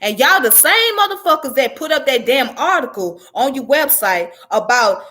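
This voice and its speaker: Indignant woman with a higher voice. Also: lively intonation, normal speed, pushed and bright. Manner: indignant, profane, rising to angry outbursts. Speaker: commentator. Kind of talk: reading news and ranting commentary.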